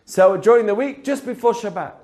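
A male podcast host telling a teaching story in a casual, animated way. His voice is fairly high, and he keeps checking in with the listener through questions as he goes. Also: fairly quick.

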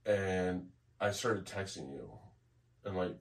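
A man co-hosting a podcast, telling a personal story in a blunt, profane, halting way, with many restarts. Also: low voice, distant mic. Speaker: podcast co-host. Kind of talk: candid conversational storytelling.

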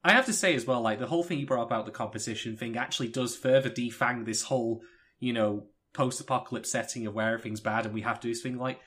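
A man in casual podcast chat, picking apart an anime episode. He talks with opinionated emphasis, his voice jumping up on key words. His pitch sits in a middle range. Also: quick pace. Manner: opinionated, animated, emphatic rises. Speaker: podcast co-host.

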